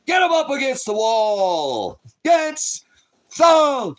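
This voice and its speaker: A man putting on a blustering, menacing male politician at a rally, shouting and drawing out his words in mockery. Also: very high-pitched, huge pitch swings, voice pushed up, heavily acted. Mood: mocking menace. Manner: shouted, drawn-out and mocking.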